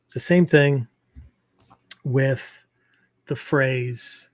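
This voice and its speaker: This martial arts podcast host has a steady, medium-pitched voice with a darkish, breathy edge, speaking at a measured pace with long pauses and no room sound. His casual teaching talk rambles, heavy with fillers and frequent "okay?" check-ins.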